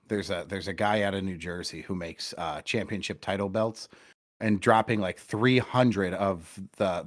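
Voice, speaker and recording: A man with a somewhat low voice co-hosts a casual sports podcast. He rambles, swears, and pokes fun at himself as he goes. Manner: rambling, profane, self-deprecating. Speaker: podcast co-host. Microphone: remote call connection.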